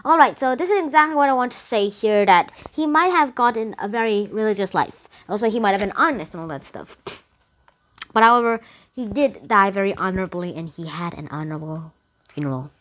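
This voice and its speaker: Animated rambling woman reviewing a book. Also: a little fast. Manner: rambling, loose, full of fillers and "literally"; animated, with sudden high pitch jumps. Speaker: book review channel host. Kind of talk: casual book review talk.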